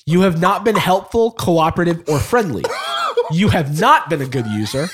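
A man's voice: on the high side, lively intonation, normal speed, heavy background noise, close to an everyday voice. A man reading aloud as a stubborn, passive-aggressive male chatbot that insists politely and firmly. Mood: assertive. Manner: polite phrasing with mounting insistence, read aloud. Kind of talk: dramatic reading of a chat log.

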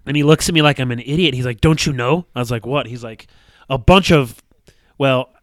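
A man's voice: mid-range voice, fairly quick, no echo, clean studio sound. A man co-hosting a podcast, chatting casually and telling a vivid personal story. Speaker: podcast co-host. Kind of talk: casual chat.

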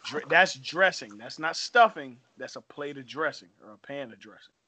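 A man's voice: medium pitch, lively intonation, normal speed, crowd noise. Talkative man leading a casual group chat. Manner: rambling, trails off into fillers. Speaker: host of a food debate.

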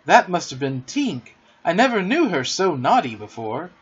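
A man's voice: fairly high pitch, big pitch swings, moderate pace, husky, voice pushed up, exaggerated voice. A man doing a sly, coaxing boy. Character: boastful cunning young boy. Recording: dull lo-fi audiobook recording.

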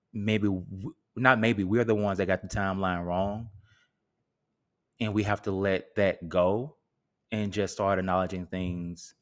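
A man's voice: low voice, clean tone. A man hosting a solo podcast in a casual, joking, slangy way. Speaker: podcast host.

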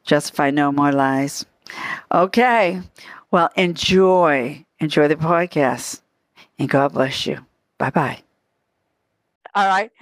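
A woman's voice: low voice, slow, pauses often, no echo, studio quality. A woman with a Boston accent, hosting a podcast and chatting casually, laughing often and repeating herself. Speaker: podcast host.

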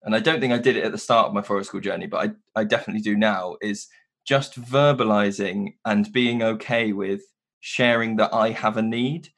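A man's voice: lowish voice, fairly even intonation, brisk, fairly bright tone. A man hosting a conversation, talking casually and sharing anecdotes, sometimes searching for the right word. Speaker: podcast host, forest school teacher.

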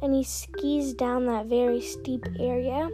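A woman hosting a podcast, telling a personal story in a casual, rambling way with lots of "like" fillers, soft-spoken and sometimes slipping into a whisper. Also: sits high, fairly even intonation, a little slow, over music. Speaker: podcast host.

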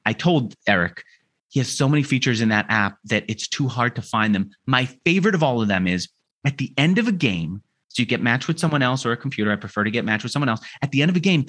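A man who is a podcast guest, telling stories in a conversational way and acting out the dialogue he quotes. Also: medium pitch. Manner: animated, acts out quoted dialogue. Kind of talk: conversational storytelling.

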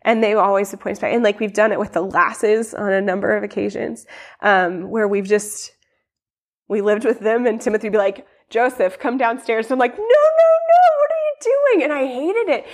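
A woman's voice: medium pitch, normal speed. A young adult woman telling her personal story in a podcast interview, rambling with many fillers and restarts and acting out quoted lines. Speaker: guest sharing her testimony.

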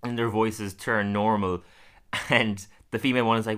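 A man's voice: fairly low pitch, steady tone, moderate pace, a bit bright, clean tone. A man casually recapping cartoon episodes for a podcast, laughing often and throwing in lots of fillers. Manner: chatty, laughs often, many fillers, acts out quotes. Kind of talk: casual chat.

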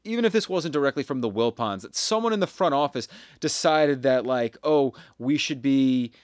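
A man in his thirties co-hosting a sports podcast, telling a story in a halting, wry way with many restarts. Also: mid-range voice, expressive, dry recording, studio quality. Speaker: podcast co-host.

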